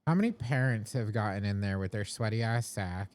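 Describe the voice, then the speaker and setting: Crude, laughing young podcast host. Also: male voice, lowish voice, a little fast, a little mellow, dry recording. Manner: crude, swears freely, laughs a lot. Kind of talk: casual podcast chat.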